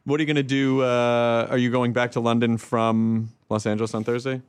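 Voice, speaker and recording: A man from the American South hosting a casual chat, animated and quick to laugh. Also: mid-range voice, clean tone, no room sound.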